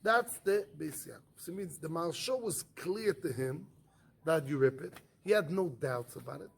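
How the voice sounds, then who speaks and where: A man's voice: on the high side, normal speed, vocal fry, slight background noise. A man, a rabbi, giving a Talmud study class in non-native English, asking rhetorical questions and answering them himself. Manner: animated, acts out the arguments in first person.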